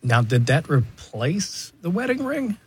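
A man co-hosting a radio talk show, dropping wry quick quips into casual studio banter. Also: a little high, sing-song, a little mellow, husky. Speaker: radio co-host.

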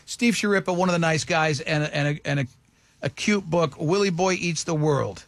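Gravelly high-voiced man in his sixties. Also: moderate pace, no room sound. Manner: animated storyteller, excitable. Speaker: radio show host. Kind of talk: casual chat. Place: radio studio.

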